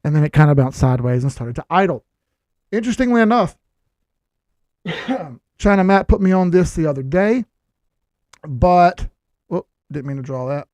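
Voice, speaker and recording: A man hosts casual market commentary, explaining charts in a blunt, lecturing way. He drops sarcastic asides along the way. His voice is high for a man, and the sound is dry and close. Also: expressive, normal speed, pauses often, a little mellow, dry recording. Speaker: crypto chart analyst host.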